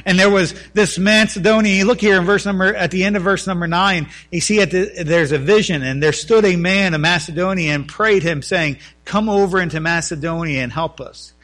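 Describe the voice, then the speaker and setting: A male pastor delivering a sermon in church. His voice is bright and clear, sitting slightly high for a man. He swings from loud, emphatic repeated lines to hushed, earnest pleading. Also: a little fast, few pauses. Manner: preaching with swings from loud emphatic runs to quiet earnest talk.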